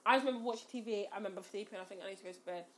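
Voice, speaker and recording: A woman's voice: mid-range voice, very fast. A young woman telling a funny personal story in casual chat, laughing and acting out what she and others said. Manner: animated, laughing storyteller who acts out her own quotes.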